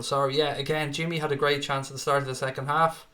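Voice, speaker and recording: A man's voice: mid-range voice, level tone, fairly quick, sharp tone. A man hosting a casual live-stream reaction, reading out viewer comments in an earnest, rallying way and swearing now and then. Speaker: fan channel host.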